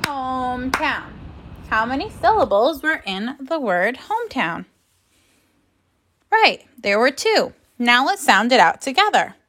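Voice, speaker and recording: A woman teaching a phonics and grammar lesson to young children, speaking slowly and carefully in an encouraging classroom manner. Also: high voice, sing-song, a bit bright.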